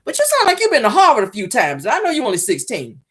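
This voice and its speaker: A woman's voice: a little high, huge pitch swings, fast, a bit bright, husky. A woman casually recapping a reality TV episode, talking sassily straight to her viewers. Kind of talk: casual show recap commentary.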